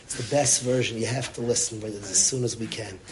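A man's voice: fairly low pitch, steady tone, brisk, darkish tone, slight background noise. A man delivering an inspirational religious talk, impassioned and repetitive, with Yiddish and Hebrew terms woven into his speech. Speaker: religious speaker. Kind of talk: inspirational sermon.

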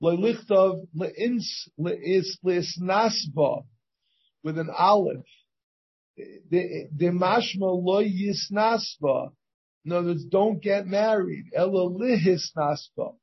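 Husky rabbi teaching a Talmud class. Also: male voice, high-pitched, slow pace, highs cut off. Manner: reads Hebrew and Aramaic text and translates it, with many restarts.

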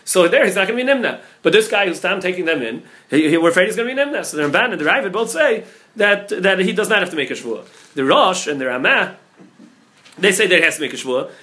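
A man, a rabbi, giving a Talmud class, talking quickly with many restarts and repeated words. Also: high voice, expressive, bright, forceful tone. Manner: rapid, repeats words and restarts, mixes Hebrew and Yiddish terms into English. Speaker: rabbi teaching a daily Talmud page.

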